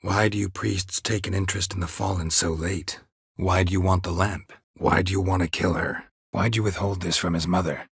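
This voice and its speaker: Laconic game monster hunter: low, raspy, clipped, dry studio sound. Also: male voice, steady tone, brisk, no room sound, exaggerated voice. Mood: terse, dry. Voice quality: husky, gravelly low voice. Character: gruff middle-aged male monster hunter, terse and dry. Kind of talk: game voice acting. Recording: dry close studio recording.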